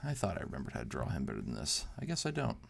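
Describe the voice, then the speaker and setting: A man's voice: rumbling low, huge pitch swings, rapid-fire, vocal fry, a little hiss or hum. A man chatting casually as he draws, thinking aloud and poking fun at his own attempts. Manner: thinks aloud, unsure and self-deprecating. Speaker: amateur artist hosting a drawing channel. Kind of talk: casual rambling while drawing.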